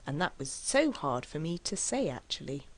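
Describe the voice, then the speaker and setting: A woman teaching an English lesson in a scripted style, pronouncing words slowly and deliberately. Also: low-pitched, sing-song.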